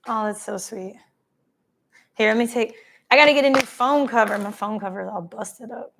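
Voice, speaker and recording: Streaming from a vacation spot while travelling, this woman hosts a relaxed live stream, warmly reading comments aloud and thanking viewers by name. She speaks at a moderate pace in a slightly high voice with vocal fry, and there's noise in the background.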